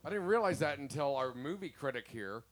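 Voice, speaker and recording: A man co-hosting a podcast in casual chat, laughing often and reacting loudly. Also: medium pitch, lively intonation, brisk. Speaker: podcast co-host.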